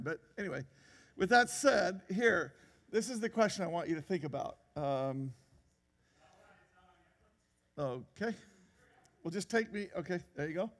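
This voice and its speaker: A man's voice: sits high, animated, normal speed, big-room sound. A man preaching a sermon in a church, conversational, with rhetorical questions and frequent restarts. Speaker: pastor.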